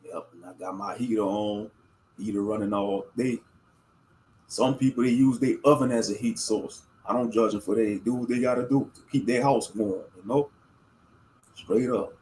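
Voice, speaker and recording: A man's voice: lowish voice, fairly even intonation, normal speed, a little mellow, a little hiss or hum. Easygoing man chatting on a livestream. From Louisiana. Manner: easygoing, chatty and rambling, laughs often. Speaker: livestream host. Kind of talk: casual live-stream chat.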